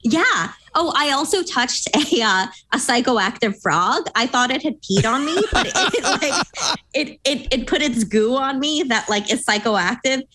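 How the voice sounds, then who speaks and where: A woman's voice: sits high, expressive, measured pace, pushed and bright, slight background noise. Chatty young woman guest. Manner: chatty, breezy storyteller with filler words. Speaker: panel guest. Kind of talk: casual panel chat.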